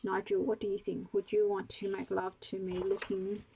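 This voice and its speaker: A woman's voice: medium pitch, flat delivery, normal speed, vocal fry, warm tone, slight background noise, lightly acted, low-quality recording. A woman voicing a dramatic, vain wealthy woman who pleads melodramatically. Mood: distraught.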